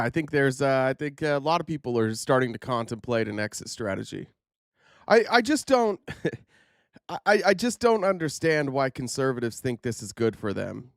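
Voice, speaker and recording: A man's voice: gravelly, no room sound. A sarcastic man talks straight into his livestream camera, his nose stuffed up from a sinus infection. His voice leaps upward whenever he gets worked up. The sound is close and dry. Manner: sarcastic, animated, pitch jumps up when indignant. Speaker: political commentary host. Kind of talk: casual livestream commentary. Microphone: livestream camera setup.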